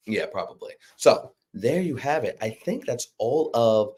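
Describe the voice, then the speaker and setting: A man's voice: medium pitch, expressive, a little slow, a little mellow, slightly rough. A man hosting a casual livestream, rambling and correcting himself as he talks. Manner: rambling, self-correcting, laughs often. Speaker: comic publisher host.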